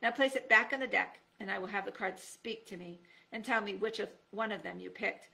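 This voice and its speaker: A quick-thinking boy from a storybook who puts on the showy patter of a stage magician, voiced by a woman reading aloud. The tone is bright and a little gravelly. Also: mid-range voice, fairly even intonation.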